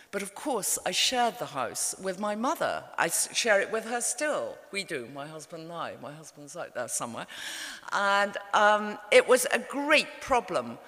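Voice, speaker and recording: English woman author, wry storyteller, animated and bright, echoing live venue. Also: fairly low pitch. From England. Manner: wry and understated. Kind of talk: storytelling talk to a live audience. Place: event hall.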